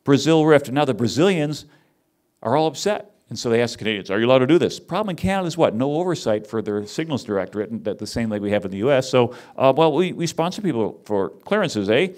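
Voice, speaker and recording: Wry, animated male conference speaker. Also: medium pitch, fast. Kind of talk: lively lecture with audience banter.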